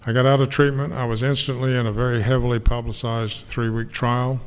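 A man's voice: medium pitch, little pitch movement, a little fast, clear, resonant tone. Older man, earnest testimony in hall. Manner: earnest, emotional, reflective. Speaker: speaker sharing recovery story. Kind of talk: personal testimony to an audience. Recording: long hall reverb, faint noise.

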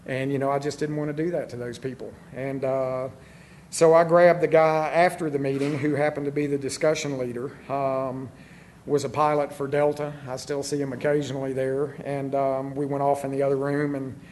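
A man's voice: mid-range voice, flat delivery, normal speed, darkish tone, a little hiss or hum. Candid middle-aged man sharing recovery story. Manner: candid, self-deprecating storytelling with fillers. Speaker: recovery speaker. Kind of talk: personal recovery talk.

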